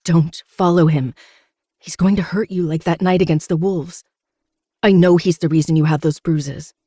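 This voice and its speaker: A fierce young woman pleads urgently, as a man reads her lines in his own voice. The tone is mellow and a little husky, with some creak. The recording is dry. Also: high voice, normal speed, no room sound, pitched above the performer's own voice.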